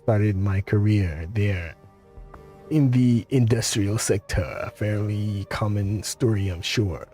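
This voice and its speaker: A man voicing a pleasant, cultured male engineer with a faint Russian accent, speaking politely and in a measured way. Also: lowish voice, mellow, soft background music. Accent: faint Russian, put on.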